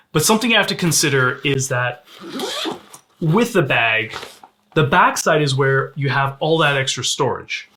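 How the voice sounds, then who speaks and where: A man's voice: mid-range voice, sharp tone. A man reviewing a sling bag in a casual, candid way, showing its features as he talks. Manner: conversational, candid, demonstrating gear on camera. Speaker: gear reviewer.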